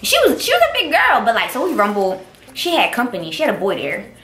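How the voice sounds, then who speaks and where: A woman's voice: fairly high pitch, quick pace. A young woman in college telling a personal story in a casual, emphatic way and acting out the dialogue. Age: young adult. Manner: animated, emphatic, acts out dialogue. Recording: roomy echo with faint music.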